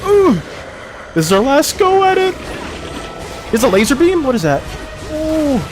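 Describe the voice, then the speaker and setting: An excitable streamer reacting live to a game, swearing and laughing often. The voice sits high and swings widely in pitch. Faint game music plays underneath. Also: a little slow. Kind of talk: live gameplay commentary.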